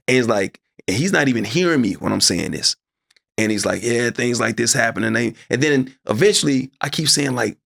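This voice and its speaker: A man's voice: expressive, brisk, creaky, fairly bright tone, no room sound, clean studio sound. A middle-aged man, a broadcaster guest in an interview, telling a personal story with animation and acting out the dialogue in it. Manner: acts out his own past dialogue, voice climbing high when upset.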